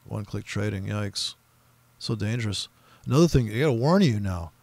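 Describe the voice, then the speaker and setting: A man's voice: on the low side, expressive, normal speed, a little mellow, no echo. A man giving rambling, profane, casual commentary while trading, often mimicking other traders. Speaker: forex trader streaming his trading.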